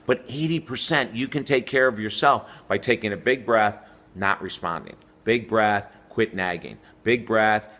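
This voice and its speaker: Middle-aged male host, bright forceful voice, energetic coaching delivery straight to camera. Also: fairly low pitch. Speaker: relationship coach and show host. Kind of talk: direct-to-camera advice video.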